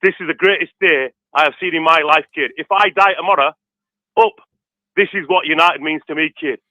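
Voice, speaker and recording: A man in his fifties with a Yorkshire accent, calling in to rant passionately, tacking "kid" onto nearly every pause. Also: fairly high pitch, bright, forceful tone, no echo. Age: 50s. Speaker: caller. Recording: tinny phone line.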